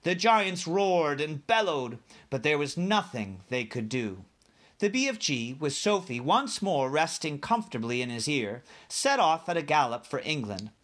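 A man reads a children's book aloud as a teacher, speaking straight to young listeners. His voice sits a little high and bright and moves lively up and down as he tells the story. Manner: animated, addresses young listeners directly.

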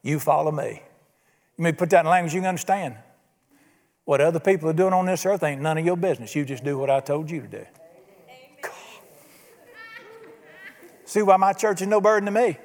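Speaking briskly with long pauses, a male pastor gives a sermon from the pulpit in a slightly mellow voice that sits high for a man. He uses a folksy manner and poses rhetorical questions while the church hall adds a long echo.

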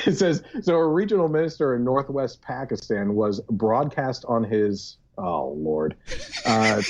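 A man's voice: mid-range voice, darkish tone, dull audio. A man co-hosting a casual chat show, often laughing as he reads aloud. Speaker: podcast co-host.

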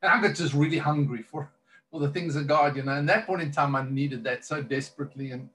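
A man's voice: a little high, fast talker, fairly bright tone. A man who is a minister, earnestly telling a personal testimony in conversation, rambling with many fillers and restarts.

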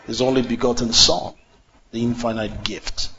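A man's voice: medium pitch, a little slow, lo-fi sound, noisy background. A man preaching a sermon, asking the congregation questions and leading call and response.

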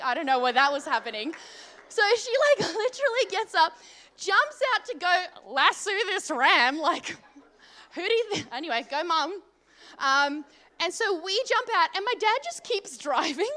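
A woman telling a funny personal anecdote in a casual, animated way, peppered with "like" and comic asides. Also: very high-pitched. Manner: animated, comic, lots of fillers like "like". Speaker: storyteller.

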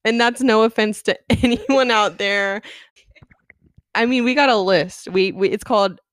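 In a casual chat, a young woman co-hosting the podcast shares lively work stories, cursing and laughing a lot. Her voice sits a little high and runs a little slow, with no echo.

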